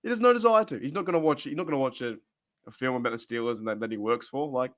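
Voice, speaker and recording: A man with an Australian accent hosting a casual sports podcast, rambling and animated and quick to laugh, talking over a video call. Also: medium pitch. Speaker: podcast host.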